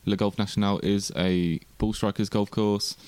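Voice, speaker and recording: A man's voice: fairly low pitch, level tone, moderate pace, darkish tone, clear, resonant tone, no echo. A man with an English accent co-hosting a casual podcast chat, making dry, blunt remarks. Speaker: podcast co-host.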